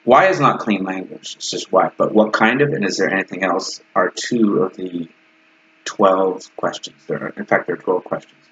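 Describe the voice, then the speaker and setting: A man's voice: low voice, normal speed, a bit bright. A man teaching English conversation to camera in a casual way, acting out both sides of sample dialogues. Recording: slightly dull lo-fi sound.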